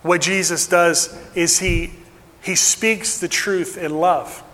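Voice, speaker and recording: A male pastor preaching a sermon earnestly, dropping to a hush and then building with emphasis. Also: high-pitched, fairly even intonation, slow pace, in a large hall.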